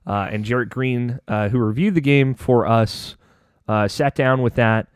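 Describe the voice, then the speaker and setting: A man hosting a casual gaming podcast, talking in a loose, rambling way full of fillers and restarts. His voice sits in a middle pitch and is recorded close and dry. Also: a little slow, clear, resonant tone, no echo. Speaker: podcast host.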